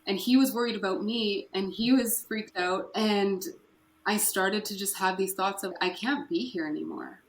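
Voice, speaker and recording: A woman's voice: mid-range voice, fairly even intonation, moderate pace. Woman, podcast guest, candid and emotional, echoey room recording. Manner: candid, emotional, with nervous laughs. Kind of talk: personal story in an interview. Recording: echoey room with faint noise.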